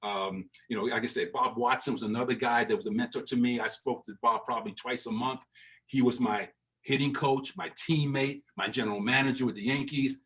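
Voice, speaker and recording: A man in his sixties, a former baseball player and manager, speaking animatedly in a casual interview and repeating words when excited. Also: medium pitch, fairly quick, recorded from a distance, poor audio.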